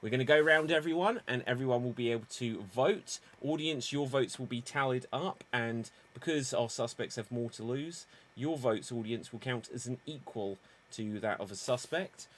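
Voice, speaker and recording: A man's voice: mid-range voice, moderate pace. A man hosting a live improv murder-mystery game, announcing rounds and calling votes in a theatrical manner. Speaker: improv show host.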